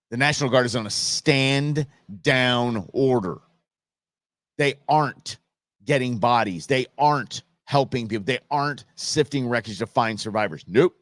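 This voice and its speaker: A man's voice: mid-range voice, a bit bright, no echo, clean studio sound. A man hosting a live political commentary show, fired up and sarcastic, often restarting and repeating himself. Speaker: show host.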